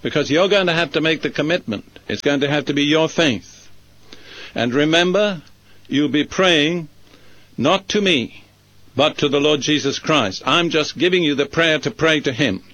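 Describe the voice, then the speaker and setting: A male preacher delivering a sermon and leading a prayer, speaking slowly and deliberately, phrase by phrase. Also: on the high side, a bit bright. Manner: slow, measured, deliberate phrasing.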